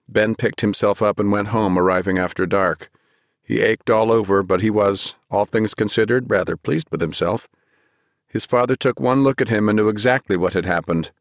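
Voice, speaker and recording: A man with a very low, deep voice reads a novel aloud in an unhurried, measured way. The sound is close and dry, with no room around it. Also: no room sound. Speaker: audiobook narrator. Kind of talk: scripted narration.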